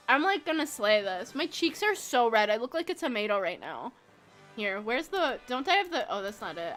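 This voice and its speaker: A woman's voice: on the high side, pushed and bright. A young woman streaming a video game, chatting casually in a bubbly, rambling way, laughing often and swearing freely. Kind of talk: casual live-stream chat while gaming.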